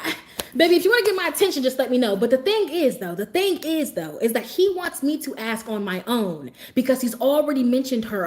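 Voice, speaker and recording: High, lively sassy woman streamer. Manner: sassy, animated, laughs often while telling stories. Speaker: livestreamer. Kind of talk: casual livestream storytelling.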